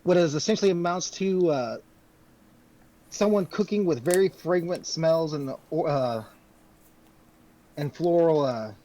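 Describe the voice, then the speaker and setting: Halting game master, slightly high. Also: male voice, mellow. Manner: loose, halting, lots of fillers. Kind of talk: narrating a tabletop game.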